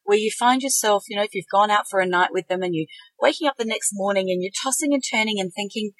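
Speaking fast with few pauses, a middle-aged woman's medium-pitched voice comes through poor audio without echo. She's a co-host on a conversational podcast, reflective in manner and sharing personal experiences.

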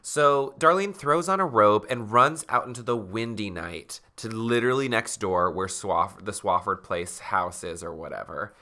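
A man's voice: fairly low pitch, moderate pace, few pauses, sharp tone. A man co-hosting a casual podcast, retelling a spooky children's book with playful quoted voices. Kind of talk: casual chat.

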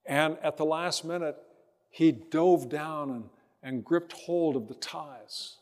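A man preaching a sermon as a pastor, telling a personal story in a slow, reflective way with pauses, then leading a prayer. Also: a little high, long reverb tail.

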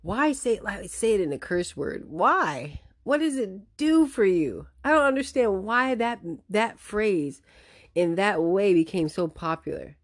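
A woman's voice: medium pitch, a little slow, no room sound, clean studio sound. A woman hosting a casual commentary vlog, talking emphatically and restarting her sentences often. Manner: emphatic, animated, with many restarts. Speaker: host.

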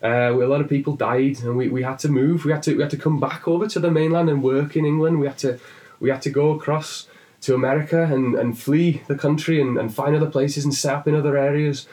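A man's voice: on the high side, steady tone, fast talker, dark tone, distant mic, voice pushed up, close to an everyday voice. A man voicing a jolly, kindly Irish man in a pub, with a put-on Irish accent that drifts toward Welsh.

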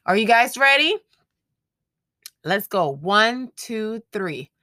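A woman's voice: medium pitch, sing-song, slow pace, sharp tone, no echo. A woman hosting her own show, giving a casual motivational monologue to her listeners, frank and profane, laughing often. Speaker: podcast host.

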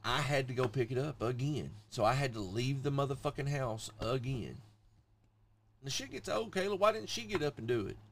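A man's voice: medium pitch, fairly quick. A man co-hosting a podcast in casual, profane chat, often saying "bro". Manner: profane, animated, says "bro" a lot. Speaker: podcast co-host.

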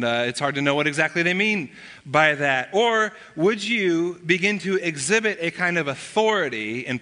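Bright-voiced man preaching in a reverberant hall. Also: a little high. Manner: conversational teaching, posing rhetorical questions. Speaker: pastor. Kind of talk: sermon.

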